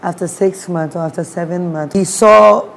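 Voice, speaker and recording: A woman's voice: on the low side, normal speed, gravelly, a little hiss or hum. A woman with a Ghanaian accent, a guest sharing a personal story with feeling. She acts out what people said and mixes in Twi words.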